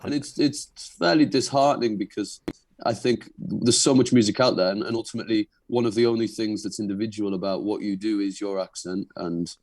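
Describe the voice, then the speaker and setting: Cumbrian man, low voice, dry close sound, earnest, halting, interview guest. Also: a little mellow, no echo. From Carlisle, England. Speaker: band frontman, guest. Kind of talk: casual interview chat.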